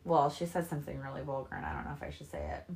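A woman's voice: a bass voice, racing, vocal fry. A young woman co-hosting a podcast, telling stories in a loose, profane way and laughing often. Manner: profane, animated storytelling with frequent laughter. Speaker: podcast co-host. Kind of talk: casual chat.

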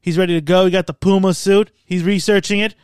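High, smooth-voiced profane podcast host. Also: male voice, quick pace, no echo, studio quality. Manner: profane, animated storytelling. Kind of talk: casual podcast chat. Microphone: studio mic.

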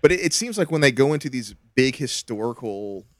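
A man hosts a relaxed, casual podcast chat, talkative and quick to laugh, often starting his sentences over. His voice has an ordinary middle pitch. The recording is dry and close, with no room sound around it.

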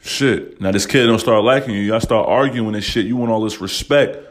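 Blunt, profane low-voiced man ranting. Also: moderate pace. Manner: blunt, profane, emotional, heavy use of "you know what I'm saying". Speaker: podcast host. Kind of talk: casual podcast rant.

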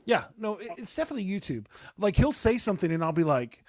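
A man's voice: sits high, big pitch swings, fast, hardly any pauses, darkish tone, dry recording. A young man chatting casually as a podcast host, rambling with lots of fillers and restarts. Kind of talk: casual chat.

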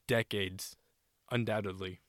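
A man co-hosting a casual sports podcast, animated and a bit profane, often acting out players' shouted lines. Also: lowish voice, unhurried, no echo, clean studio sound. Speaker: co-host.

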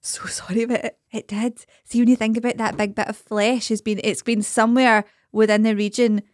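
A young Scottish woman chatting on a podcast, with a fairly high voice. She talks in a loose, laughing way and swears freely. The sound is dry and close to the mic. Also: level tone, brisk, no room sound. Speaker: podcast co-host. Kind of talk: casual chat.

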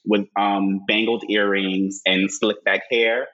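A man's voice: lowish voice, level tone, slow, fairly bright tone, dull audio. A man co-hosting a podcast, playfully chiming in with jokes while recapping a show. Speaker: podcast co-host. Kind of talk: casual recap chat.

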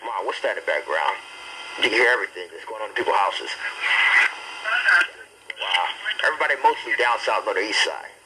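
A man hosting his own homemade party-line show on tape, hyped and excitable, repeating himself and trash-talking callers. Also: lowish voice, brisk, pauses often, noisy background. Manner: loud and excitable. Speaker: amateur DJ host.

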